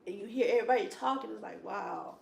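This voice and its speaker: A woman in casual chat at a Bible study, telling rambling, animated stories with lots of "it's like, wow.". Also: medium pitch, fast talker, creaky. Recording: echoey room, distant from mic.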